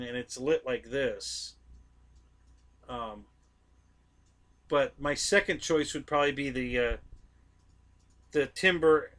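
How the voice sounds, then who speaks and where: A man's voice: mid-range voice, sharp tone. A man hosting a live stream, chatting casually about model planes, rambling, correcting himself and talking straight to his viewers.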